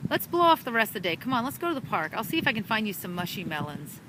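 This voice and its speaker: A woman's voice: medium pitch, big pitch swings, quick pace, lightly acted. A woman voicing a friendly, easygoing young male rat in a storybook reading, recorded outdoors in a park. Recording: outdoor park with traffic noise.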